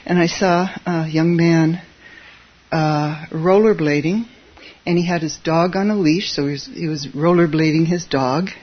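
A Zen teacher giving a relaxed, conversational dharma talk, chuckling at their own asides. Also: medium pitch, unhurried, muffled recording.

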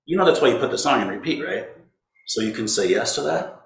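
A man giving a gentle, playful Zen dharma talk, laughing often as he teaches. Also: mid-range voice, expressive, fast. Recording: roomy hall.

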